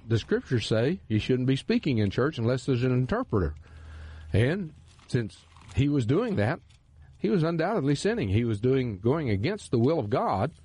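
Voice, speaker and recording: A man with a Texan drawl teaches scripture on the radio, preaching earnestly and with emphasis. His voice swoops up and down with lively pitch, and its tone is warm and a little husky. The studio sound is close and dry. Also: no room sound. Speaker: radio Bible teacher and host.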